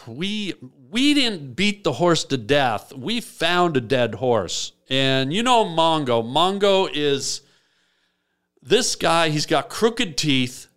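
A man hosting a comic call-in show, telling absurd stories in a deadpan rambling way. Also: on the high side, slow, clear, resonant tone. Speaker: radio call-in host. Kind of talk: comic radio storytelling.

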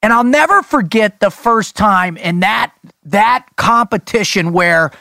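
A man co-hosting a podcast, telling a story in an animated, emphatic way. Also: high voice, unhurried, dry recording, clean studio sound. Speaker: podcast co-host. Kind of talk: casual storytelling chat.

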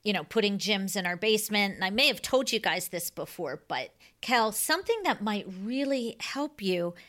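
A woman's voice: mid-range voice, expressive, moderate pace, a bit bright. A woman co-hosting a podcast, chatting casually in an enthusiastic, teasing way. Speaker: podcast co-host. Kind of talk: casual chat.

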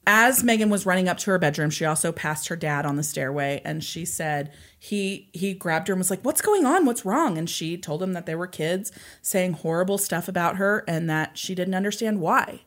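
A woman's voice: on the low side, moderate pace, hardly any pauses, fairly bright tone. A woman co-hosting a podcast, retelling a story at length with many "like"s and "and so"s. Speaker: podcast co-host.

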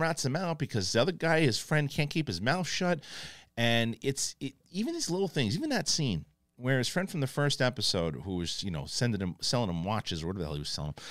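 A male host giving an excited, rambling spoken review of a TV episode and acting out lines as he goes. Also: medium pitch, no echo, studio quality.

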